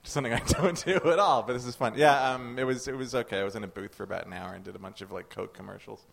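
A man's voice: medium pitch, steady tone, fast talker, vocal fry, slight background noise. A man in his thirties, a guest on a live stage show, talking with dry self-deprecating humor. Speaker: guest, magazine editor. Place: comedy stage before a live audience.

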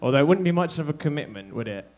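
A man's voice: a little high, lively intonation, racing, a little mellow. A man from England with an English accent doing a stand-up comedy set, talking in a punchy, self-deprecating, conversational way.

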